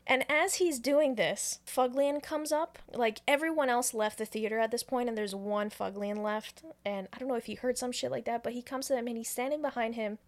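A woman podcast co-host telling a film's plot in casual, animated chat. Her voice sits fairly high, and she swears freely as she narrates. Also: fairly quick, hardly any pauses. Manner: animated, profane, laughing storyteller. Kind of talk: casual movie recap chat.

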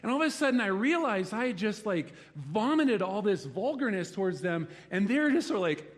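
A man in his forties preaching a sermon to a congregation, telling a lively story from his rural youth and then growing quiet and reflective. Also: high voice, a little fast, a little hiss or hum. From rural United States. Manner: animated storytelling, swings from loud exclaims to hushed reflection. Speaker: pastor. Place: church hall before a congregation.

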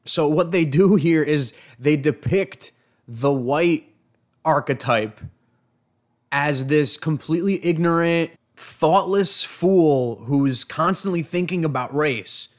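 A man with a slow, higher-pitched voice hosts a show of opinion commentary on video clips. He sounds indignant and emphatic, often stumbling over and repeating his words.

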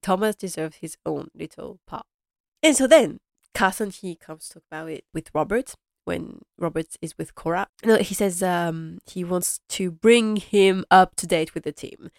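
Chatty lady recapping an episode, lowish voice, dry close sound, laughs a lot. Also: normal speed, vocal fry, dry recording. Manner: chatty, laughs often, retells scenes. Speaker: podcast host.

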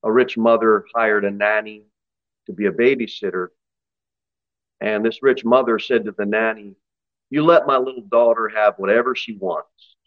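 A man's voice: on the low side, fairly even intonation, normal speed, no room sound, dull audio. A man preaching an expository sermon in a church, emphatic and acting out story voices. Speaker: pastor.

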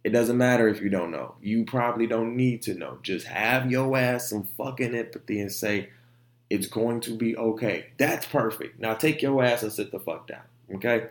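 A young man hosts a solo podcast, talking in a heated, profane way and repeating his points. His voice sits at an ordinary pitch. The room gives it a clear echo. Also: moderate pace. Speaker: podcast host. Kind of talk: solo casual podcast rant. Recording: roomy echo.

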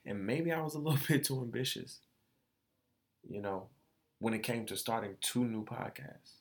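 A man's voice: medium pitch, lively intonation, normal speed, pauses often. A young adult man hosting his own podcast, speaking in a candid, profane, emotional monologue and repeating phrases as he vents. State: tearful. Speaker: podcast host.

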